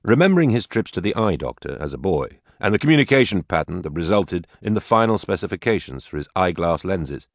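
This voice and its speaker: Deep-voiced male audiobook narrator. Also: very animated, fairly quick, hardly any pauses, no room sound, studio quality.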